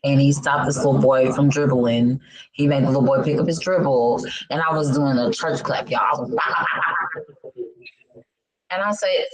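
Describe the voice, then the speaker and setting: A woman's voice: extremely low pitch, unhurried, rough recording. A woman in her thirties who has lost her voice, chatting as a podcast co-host with churchy exclamations. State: hoarse, lost voice. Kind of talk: casual chat.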